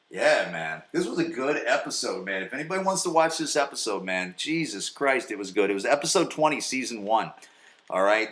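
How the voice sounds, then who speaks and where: Man, 40s, podcast host, casual solo recap, profane, excitable, bright voice, roomy echo. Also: fairly low pitch. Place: home basement.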